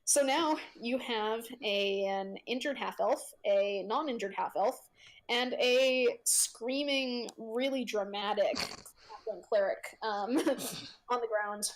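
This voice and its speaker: A woman's voice: on the high side, slow pace. A young woman running a tabletop game as game master, narrating with lots of giggles and fillers.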